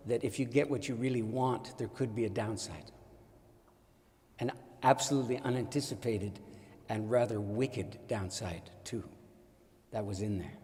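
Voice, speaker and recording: An older man who teaches at his own school tells a reflective story in a wry, deliberate, digressive way. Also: fairly low pitch, darkish tone, long reverb tail.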